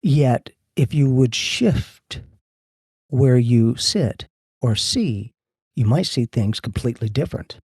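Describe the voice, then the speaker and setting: A man's voice: mid-range voice, lively intonation, takes it slowly, a little mellow, breathy edge, no echo, studio quality. A man co-hosting a podcast, speaking in a philosophical, aphoristic way. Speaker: podcast co-host. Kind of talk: casual conversation.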